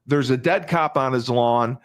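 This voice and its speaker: Man, podcast host, casual crime storytelling, emphatic, repeats himself, mid-pitched voice. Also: a little slow. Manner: emphatic, repeats phrases, many restarts. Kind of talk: casual true-crime retelling.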